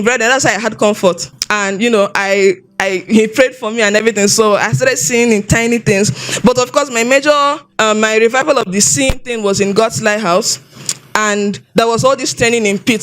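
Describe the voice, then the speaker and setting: A woman with a Nigerian English accent giving an animated, expressive personal testimony, often repeating herself as she tells her story. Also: medium pitch. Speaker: testimony speaker.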